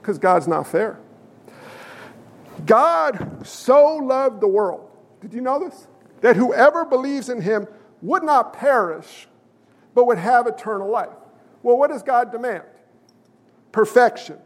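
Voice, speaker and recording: A man's voice: extremely high pitch, expressive, a little slow. A man preaching a sermon to a congregation in a church, emphatic, firing questions at the listeners. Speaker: pastor. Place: church sanctuary. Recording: long hall reverb.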